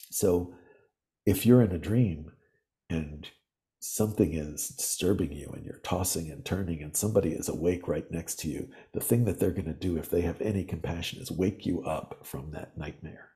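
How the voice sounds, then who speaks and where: A man talking as a podcast guest, explaining ideas in earnest, animated storytelling. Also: sits low, normal speed. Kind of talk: reflective interview talk.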